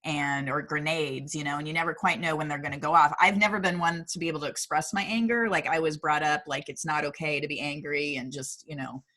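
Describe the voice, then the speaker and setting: A woman's voice: sits low, fairly even intonation, a little fast, hardly any pauses, pushed and bright. A middle-aged woman co-hosting a casual talk show, speaking in a reflective, agreeable way. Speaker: podcast co-host. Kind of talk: casual chat.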